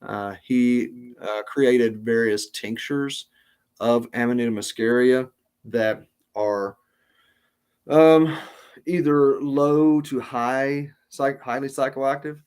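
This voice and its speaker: Podcast host, male, mid-pitched, casual storyteller who rambles and restarts his sentences. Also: slow pace, darkish tone, clean tone. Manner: rambling, many ums and restarts.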